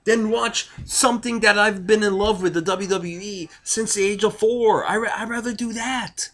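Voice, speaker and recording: A man ranting in a vlog, his voice pitched a little high. He rambles hotly, piling emphasis on emphasis, with the odd curse thrown in. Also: steady tone, moderate pace, few pauses, a bit bright. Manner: heated, rambling, profane, emphatic. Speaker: wrestling vlogger.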